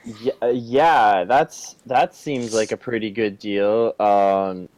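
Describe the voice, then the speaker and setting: A man's voice: fairly low pitch, takes it slowly, darkish tone, no room sound. A man playing a tabletop game who talks hesitantly and stammers. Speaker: player.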